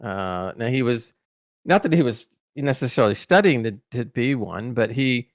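A man's voice: mid-range voice, animated, moderate pace, no echo, studio quality. Rambling man telling podcast anecdotes. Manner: rambling storyteller, many restarts and fillers. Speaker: podcast co-host recalling celebrity interviews. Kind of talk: casual podcast chat.

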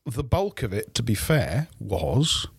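A man, a trainer, speaking as a podcast guest in a measured way with dry wit. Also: mid-range voice, very animated, slightly rough, no room sound. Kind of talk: casual chat.

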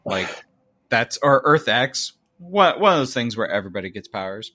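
A man's voice: mid-range voice, very animated, moderate pace, pushed and bright. A man rambling in an amused way in casual podcast chat. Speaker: podcast co-host.

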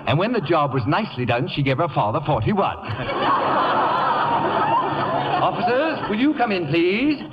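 A man's voice: fairly high pitch, sing-song, a little fast, few pauses, lo-fi sound. An actor playing a pompous, acid-tongued older male radio celebrity in a 1940s radio play, with theatrical, mocking speech. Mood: gloating. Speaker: Sheridan Whiteside, lead role. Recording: scratchy 1940s radio broadcast with reverb.

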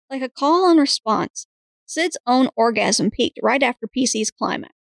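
A woman podcast co-host reading an erotic story aloud in a steady voice. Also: fairly high pitch, vocal fry, no room sound, low-quality recording. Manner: steady reading, breaks into laughs.

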